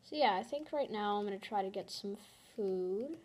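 A woman's voice: medium pitch, expressive, moderate pace, darkish tone. A young woman giving casual, dramatic commentary over her own gameplay. She is easily flustered and repeats her exclamations. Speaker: gamer.

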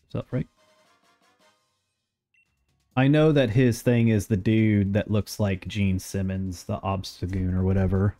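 Mellow-voiced young man streaming a game. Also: on the low side, normal speed, faint music behind. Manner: chatty and rambling, with sudden excited outbursts. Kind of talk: casual live gameplay commentary.

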